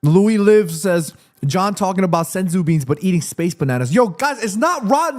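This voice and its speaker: A man from Korea hosting a live football watchalong stream, reading chat aloud, eating snacks and reacting loudly to the match. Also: high-pitched, normal speed. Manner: chatty, reads chat aloud, excited shouts at match action.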